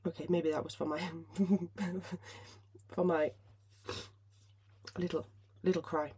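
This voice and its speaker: Emotional woman, husky voice. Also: fairly low pitch, fairly even intonation, slow, mellow. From Finland. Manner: emotional, swears freely, many restarts. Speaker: podcast host. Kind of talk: casual solo podcast talk.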